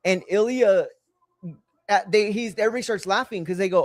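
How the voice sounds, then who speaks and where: With a voice that sits high and a fairly quick delivery, a man hosts a live watch-along stream with no echo. He's a rambling storyteller, chatting casually, full of slang and fond of saying "bro".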